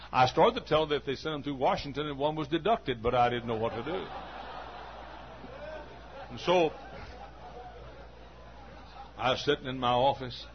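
A man in his forties, a pastor telling a folksy story in a sermon, chatty and full of "uh" fillers. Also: a little high. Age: 40s. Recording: dull lo-fi recording with faint hum.

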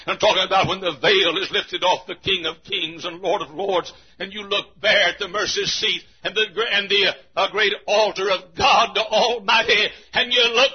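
A pastor preaching a sermon, swinging from loud shouted passages to quiet, intimate talk. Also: male voice, high voice, fairly even intonation, measured pace, slightly rough, highs cut off.

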